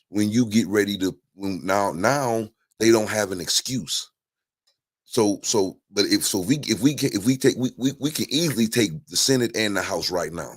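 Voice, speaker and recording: A guest on a talk show chats casually about politics in a fairly low, husky voice. His animated storytelling rambles, with many restarts and fillers.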